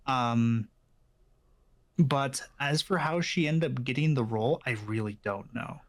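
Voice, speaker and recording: A man in casual podcast chat, explaining his views in a measured way with many fillers. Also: mid-range voice. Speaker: podcast co-host.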